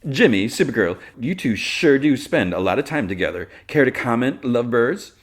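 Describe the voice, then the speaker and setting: A man voicing a brassy, theatrical woman gossip reporter who speaks loudly and gushes. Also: mid-range voice, sing-song, moderate pace, voice pushed up, lightly acted. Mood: gushing. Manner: loud, gushing, calls people darling.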